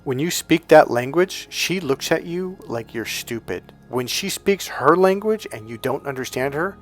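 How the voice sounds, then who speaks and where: A man's voice: fairly high pitch, animated, unhurried, soft background music. A middle-aged man teaching as a dating coach, blunt and profane, acting out stories as he talks. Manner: blunt, profane, storytelling with acted-out voices. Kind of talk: instructional monologue.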